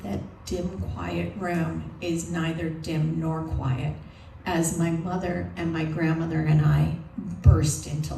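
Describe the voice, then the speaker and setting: A woman telling a personal story live on stage, in a slow, deliberate, emotional way. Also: lowish voice, vocal fry. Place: live event venue. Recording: roomy live venue from a distance. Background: audience noise.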